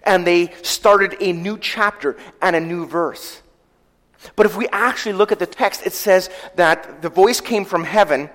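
A man preaching a sermon, retelling scripture in a storytelling way, slowing down for quoted verses and letting his volume rise and fall. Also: sits high, a bit bright. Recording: long hall reverb.

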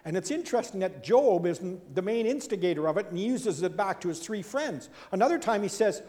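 A man preaching a sermon in a chatty, animated way, acting out the people he quotes and tossing in asides and rhetorical questions. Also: fairly quick, few pauses. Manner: animated, acts out quoted speakers with big swings in pitch and loudness. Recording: long hall reverb.

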